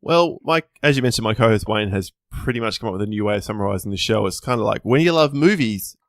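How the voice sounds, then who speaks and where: A man from Australia with an Australian accent, a guest chatting casually on a podcast, cheeky and quick to laugh. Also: fairly low pitch, animated, dry recording, clean studio sound. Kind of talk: casual chat.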